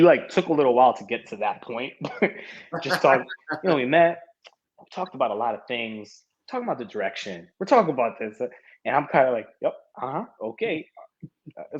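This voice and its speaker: A man in his thirties, a podcast guest, telling stories in a casual interview, laughing often and acting out what people said. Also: mid-range voice. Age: 30s. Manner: animated storyteller who laughs often and acts out quoted lines. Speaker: podcast guest, martial arts competitor. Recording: dull lo-fi audio.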